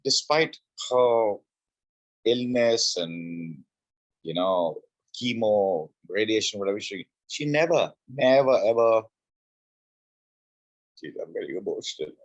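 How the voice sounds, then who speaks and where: A man's voice: fairly low pitch, lively intonation, unhurried, no room sound, lo-fi sound. A middle-aged man telling his personal story as an interview guest, heartfelt and repeating phrases for emphasis.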